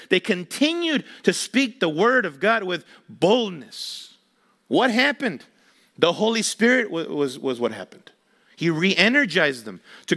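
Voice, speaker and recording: High-voiced man preaching a sermon. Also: pushed and bright. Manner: emphatic preaching with rhetorical questions. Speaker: pastor.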